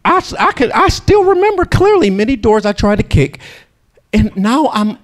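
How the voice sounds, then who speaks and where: A man preaching a sermon in an animated way, acting out quotes and laughing between lines. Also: very high voice, moderate pace.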